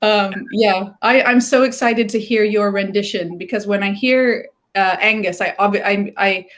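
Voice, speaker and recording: A woman's voice: medium pitch, normal speed, a bit bright. A woman author chatting on a video call, laughing often and talking with many fillers and restarts. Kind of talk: casual conversation on a livestream.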